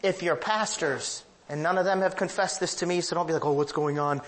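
A man's voice: fairly quick, fairly bright tone. A man preaching a sermon as pastor, emphatic and confessional, telling personal stories with big swings in his voice. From northern United States. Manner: emphatic, with sweeping pitch rises; confessional, anecdotal storytelling.

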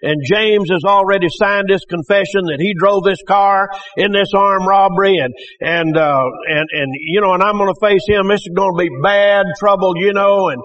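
A man's voice: sits high, steady tone, normal speed, hardly any pauses, fairly bright tone. A man giving a church testimony, telling his story in a folksy way and acting out the voices of people he quotes. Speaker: testimony speaker. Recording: dull lo-fi recording.

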